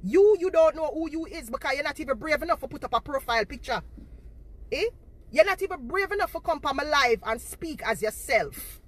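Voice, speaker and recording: A woman's voice: high voice, a bit bright. A woman, confronting her viewers on a livestream and repeating herself for emphasis, talking into a phone held in front of her face. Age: 40s.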